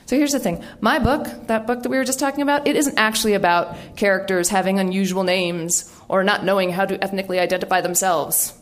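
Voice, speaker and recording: A middle-aged woman from the United States tells a story from her life as an author. She speaks in a wry, animated way and slips into quoted voices along the way. Her pitch sits in a middle register. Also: fast, few pauses. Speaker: author giving a talk. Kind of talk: storytelling talk.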